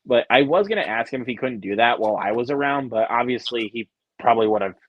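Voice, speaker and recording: A man's voice: medium pitch, expressive, quick pace, dry recording. A man co-hosting a casual chat, rambling hesitantly with many restarts and fillers. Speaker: podcast co-host. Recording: dry, dull sound.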